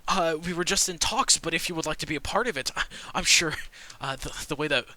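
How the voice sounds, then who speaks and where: Man putting on a courteous old village woman, spry and chatty, somewhat higher and very bright, dry sound, tabletop game. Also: fast, dry recording. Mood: gracious. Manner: welcoming, chatty, overly courteous.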